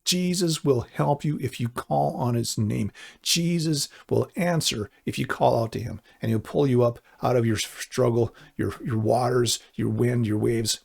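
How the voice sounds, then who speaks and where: Man, middle-aged, pastor, sermon, gravelly, husky, earnest, slows down for emphasis. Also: mid-range voice, darkish tone. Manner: earnest, builds to slow emphatic appeals.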